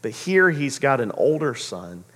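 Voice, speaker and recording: A man in his thirties preaching a sermon as pastor, telling a story with lively, acted-out quotes. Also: unhurried. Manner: animated storyteller, acts out quotes with big pitch jumps.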